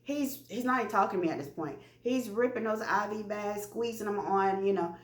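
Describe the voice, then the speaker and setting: Woman vlogger, candid and chatty story to her viewers, mid-pitched voice, roomy echo. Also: a little fast. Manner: animated, chatty, addresses viewers directly.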